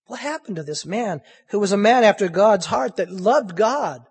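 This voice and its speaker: A male preacher with a high voice delivers an impassioned sermon full of rhetorical questions. His words ring out in a long reverb, like a spacious church hall. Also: lively intonation, normal speed, darkish tone, husky.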